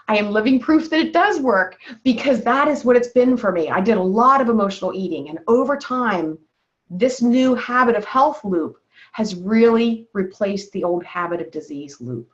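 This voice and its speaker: A woman health coach on a group call, encouraging and walking listeners through breathing steps, often checking in with "okay?". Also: mid-range voice. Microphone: call-in phone or computer mic. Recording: slightly dull, lo-fi call audio.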